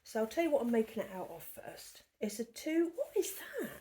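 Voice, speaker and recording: A woman's voice: fairly high pitch, big pitch swings, fairly quick, mellow. A woman hosting a knitting podcast from her living room at home, in a chatty, rambling show-and-tell that often drops to a near whisper. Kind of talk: casual show-and-tell chat.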